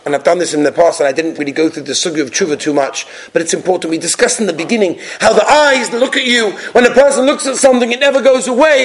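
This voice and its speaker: A man's voice: a little high, slightly rough. A man giving a religious talk, telling stories and acting out the characters. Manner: animated storytelling, acts out characters. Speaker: religious lecturer.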